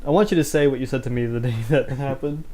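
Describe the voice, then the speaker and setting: A man's voice: mid-range voice, fast talker, mellow. A man co-hosting a casual podcast chat, laid-back and self-deprecating, often laughing. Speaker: podcast co-host. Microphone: headphones on, at a desk mic.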